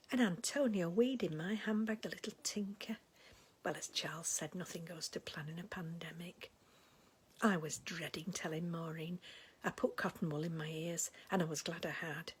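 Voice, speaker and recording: A woman playing a breathy gossiping village lady. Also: fairly low pitch, a little mellow. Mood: sentimental. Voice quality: very breathy, husky voice. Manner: chatty, rambling, fond gossip. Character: gossipy, sentimental older English village woman. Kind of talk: comic character monologue.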